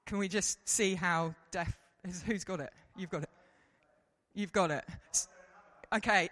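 A man preaching a lively sermon to a congregation, joking at his own expense. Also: high-pitched. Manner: lively, self-mocking, mimics people in quotes. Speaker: pastor. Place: church hall. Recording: reverberant hall.

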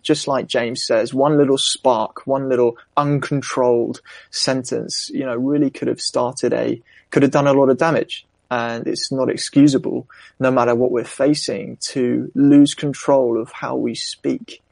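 A man's voice: mid-range voice, steady tone, moderate pace, gravelly, a little mellow, no room sound. A young man preaching a sermon in an earnest, reflective way, mixing scripture with personal stories.

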